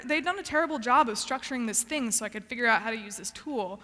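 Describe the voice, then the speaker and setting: A woman's voice: fairly high pitch, fast talker, hardly any pauses, sharp tone, in a large hall. A woman giving a practical, earnest conference talk with frequent ums and restarts. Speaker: conference speaker.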